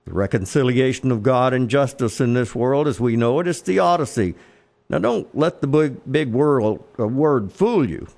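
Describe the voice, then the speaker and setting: A man with a Texan accent preaching a sermon, reading scripture in slow, emphatic phrases. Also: mid-range voice, lively intonation, vocal fry, darkish tone. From Texas.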